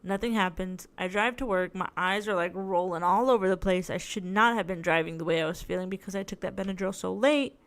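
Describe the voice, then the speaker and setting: Young female podcast host, casual rambling storyteller, smooth clear tone, tired and sore. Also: on the low side, fairly bright tone. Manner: rambling, chatty storytelling with many "like"s. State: tired, in tooth pain. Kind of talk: casual solo podcast chat.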